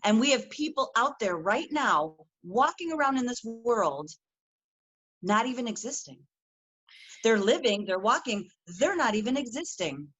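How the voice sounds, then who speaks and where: A woman's voice: on the high side, sing-song, unhurried, a bit bright, slightly rough. A middle-aged woman, a guest coach on a podcast, talking earnestly and acting out quotes as she tells her story. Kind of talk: casual interview chat.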